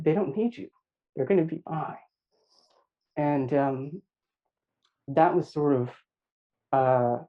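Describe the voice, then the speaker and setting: A middle-aged man recounting a near-death experience in an interview, reflective and halting, with many fillers and restarts. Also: medium pitch, gravelly, highs cut off. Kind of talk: personal account in an interview.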